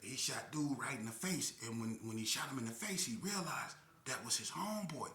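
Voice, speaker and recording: A man telling a crime story in a casual, animated way, adding sound effects and slang. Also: medium pitch, fairly quick. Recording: echoey room.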